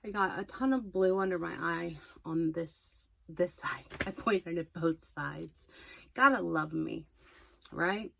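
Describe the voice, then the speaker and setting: A young woman chatting through a makeup tutorial, rambling and self-deprecating, a little hoarse. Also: on the low side, takes it slowly, fairly bright tone, a little hiss or hum. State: slightly hoarse, losing her voice. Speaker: makeup vlogger.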